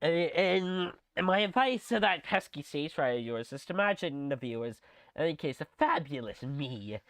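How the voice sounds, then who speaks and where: A flamboyant TV-headed showman full of grand self-praise, as a man puts him on while reading a dating sim aloud. The voice sits fairly high and lively, swinging widely through each theatrical line. It is recorded close and dry. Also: moderate pace, no echo. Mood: grandiose.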